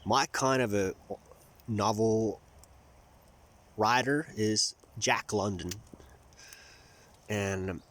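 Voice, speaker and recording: A Finnish man whose first language is Finnish, speaking English with a Southern US twang in a chatty, wry, rambling monologue outdoors. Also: lowish voice. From Finland. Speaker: vlogger. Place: outdoors near marshland.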